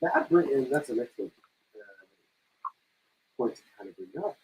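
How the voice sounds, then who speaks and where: A man co-hosting a casual video game podcast who makes dry jokes and voices excited what-ifs. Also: medium pitch, measured pace, slight background noise, poor audio. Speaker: podcast co-host. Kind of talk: casual chat about video games.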